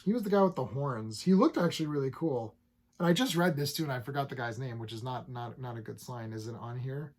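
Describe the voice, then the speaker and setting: A man's voice: medium pitch, lively intonation, fast talker, darkish tone. A man in an off-the-cuff comic book review, talking in a mid-range voice. He rambles enthusiastically, stumbling over restarts and fillers as he loosely retells the characters' lines. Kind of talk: casual comic review chat.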